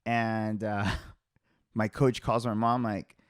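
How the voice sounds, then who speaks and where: A young man hosting a podcast, telling a story in a loose, animated way, laughing often and leaning on filler words. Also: on the low side, slow, dry recording, studio quality. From Hispanic family background. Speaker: podcast host. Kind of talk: casual storytelling chat.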